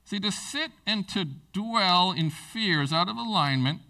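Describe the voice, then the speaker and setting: A man preaching a sermon with earnest, lively storytelling, often restarting his sentences. His voice sits a little high and has a bright edge. It is caught from some distance off the mic. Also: unhurried. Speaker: pastor.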